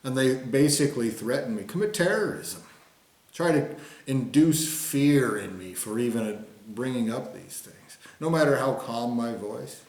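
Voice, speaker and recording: A man's voice: medium pitch, animated, a little slow, a little mellow. A man in an angry, profane monologue, insisting with repeated phrases and mocking others in put-on voices. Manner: mocks others with sing-song put-on voices. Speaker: vlogger. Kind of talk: ranting monologue to camera. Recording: roomy echo.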